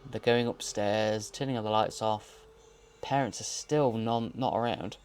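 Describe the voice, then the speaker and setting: A man's voice: on the low side, steady tone, measured pace, darkish tone, a little hiss or hum. Wry, rambling man commentating. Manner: rambling, wry and jokey, reacting as he watches. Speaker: host. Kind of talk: audio commentary on a TV episode.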